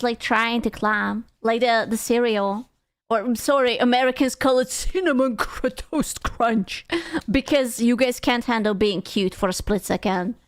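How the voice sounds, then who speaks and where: A woman streamer chatting casually with her live chat, playful and joking, swearing freely. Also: on the high side.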